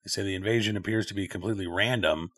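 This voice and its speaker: Man giving loose, halting news commentary. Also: deep voice, fairly even intonation, a bit bright. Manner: loose, thinking aloud with frequent filler pauses.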